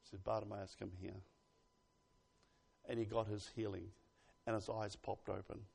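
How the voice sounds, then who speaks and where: A man preaching a sermon, swinging from hushed asides to loud exclamations and reading scripture slowly with emphasis. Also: fairly low pitch, little pitch movement, creaky, breathy edge.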